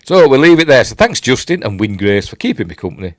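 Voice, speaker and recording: A man's voice: mid-range voice, sing-song, fast talker, no room sound, studio quality. An older man with a Yorkshire accent hosting a casual live-stream chat, rambling and self-deprecating as he reads out viewer comments. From Yorkshire, England. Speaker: host. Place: at home late at night.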